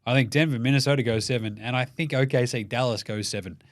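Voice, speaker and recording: A man's voice: medium pitch, fast talker, no room sound, studio quality. A man with an Australian accent hosting a comedic sports show, swearing freely and acting out the people he talks about. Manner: swears freely, acts out quoted people mid-rant. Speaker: host.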